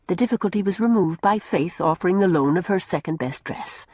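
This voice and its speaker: A woman's voice: fairly quick, hardly any pauses, husky, no room sound, studio quality. A woman narrating a classic novel as an audiobook, telling the story expressively. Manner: expressive storytelling with varied pitch.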